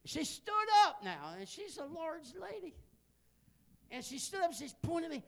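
Preacher, sixties, male, high voice; folksy sermon storyteller who builds to excited shouting. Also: normal speed, vocal fry. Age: 60s.

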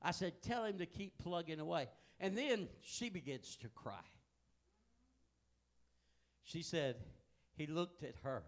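An older man preaching a sermon, telling folksy family stories that swing from hushed asides to loud, emphatic peaks. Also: on the high side, expressive, slow pace, long pauses. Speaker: pastor.

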